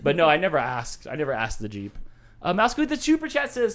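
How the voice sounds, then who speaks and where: A man's voice: high voice, huge pitch swings, fairly bright tone. A man hosting a live trivia game show, bantering and punning with callers. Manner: jokey, teasing, quick puns.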